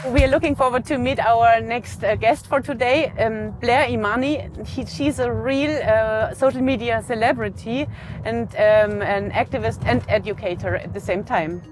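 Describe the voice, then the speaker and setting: A woman's voice: a little high, moderate pace, music in the background. A woman hosting an interview in a car, speaking in a polite, formal way. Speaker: host. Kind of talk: hosted interview conversation. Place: inside a car.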